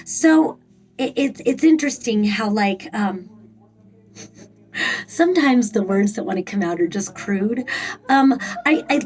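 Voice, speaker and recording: A woman's voice: a little high, darkish tone, rough recording. A woman giving a casual tarot reading in a rambling way, with frequent fillers and blunt swearing. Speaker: tarot reader.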